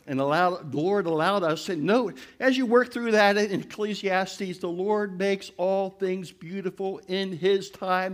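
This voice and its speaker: An older man giving a storytelling testimony to a church congregation, animated and crying out as he retells events. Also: sits high. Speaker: church speaker.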